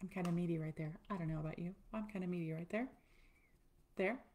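A woman's voice: fairly low pitch, quick pace, darkish tone. A middle-aged woman casually walking viewers through a tapping routine, chatty and self-deprecating as she demonstrates. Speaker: tapping coach. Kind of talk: casual instructional talk.

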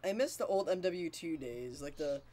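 A man's voice: a little high, lively intonation, normal speed. Young man trash-talking over gameplay. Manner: profane, teasing, loud outbursts. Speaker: gamer. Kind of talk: casual gaming banter. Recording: gameplay noise behind the voice.

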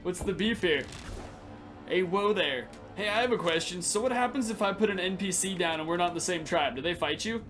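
Excitable high-voiced male gamer. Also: fairly quick, soft background music. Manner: excitable, joking, laughs a lot. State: tired, late at night. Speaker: gaming channel host. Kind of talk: casual gameplay commentary.

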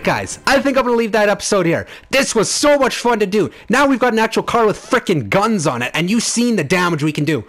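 An excitable man hosts a let's play, yelling and cursing at enemies as he plays. His voice is high and lively, jumping around in pitch, with game music loud behind him. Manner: excitable, shouting, swearing at enemies. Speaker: gaming channel host.

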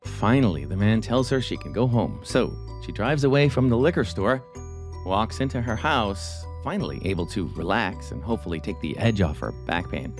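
A man narrates in a measured, low-key manner, guiding the listener through the story with quiet murmurs of reaction. His voice sits somewhat low, with soft music playing underneath. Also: lively intonation. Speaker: podcast host and narrator. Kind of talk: scripted narration.

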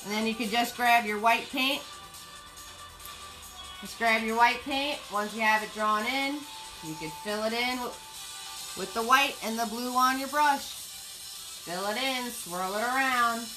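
A woman's voice: on the high side, a little slow, long pauses, over music, rough recording. A woman leading a live online painting class, chatty and playful, repeating her cue words in a sing-song way. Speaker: paint party instructor.

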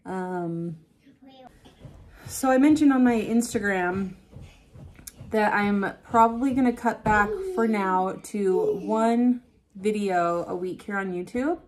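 Woman, 30s, beauty vlogger, relaxed chatty storyteller, mid pitch. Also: slow pace. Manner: chatty, storytelling, laughs easily. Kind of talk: casual chat while doing makeup.

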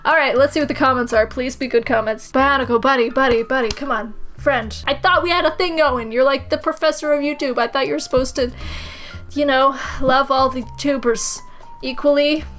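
A woman doing let's play commentary, animated and sarcastic, breaking into high squeals and swearing. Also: a little fast, soft background music. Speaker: gaming commentator.

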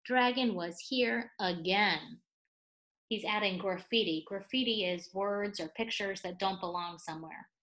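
A woman reading a children's picture book aloud, pausing to explain words and add playful asides. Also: mid-range voice, fairly bright tone. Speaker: read-aloud storyteller for children.

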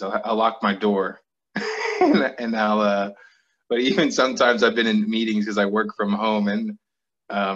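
A man in his thirties chatting casually on a video call in a plain, steady monotone. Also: on the low side. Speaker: guest host reading questions. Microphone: built-in computer mic on a video call. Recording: dull lo-fi call audio.

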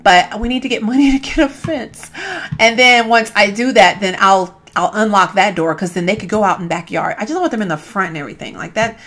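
A woman's voice: mid-range voice, fairly quick. A woman, chatting casually over a video game and cooing at the characters on screen. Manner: chatty and animated, coos at the babies, says "y'all" and "ain't". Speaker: gaming YouTuber. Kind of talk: casual gameplay commentary.

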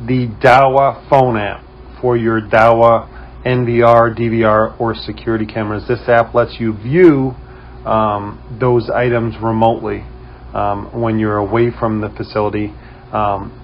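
A man with a New England accent hosting a casual how-to tutorial, relaxed and full of "um" fillers. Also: medium pitch, muffled recording, slight background noise. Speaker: host of a security camera company channel.

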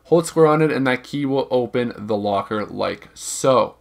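A young man talks through a video game guide in a relaxed, unscripted way, his voice sitting at an ordinary middle pitch. He hedges his counts, restarts phrases and wanders a little as he explains. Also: unhurried, gravelly. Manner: rambling and informal, hedges numbers, repeats himself. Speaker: gaming video guide creator. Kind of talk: casual gameplay walkthrough narration.

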